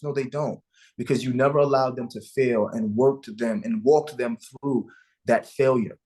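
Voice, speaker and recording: Husky-voiced man telling an emotional story. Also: mid-range voice, normal speed, a little mellow. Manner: earnest, emotional, acts out quoted dialogue. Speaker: guest, father of sons. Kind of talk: candid interview storytelling.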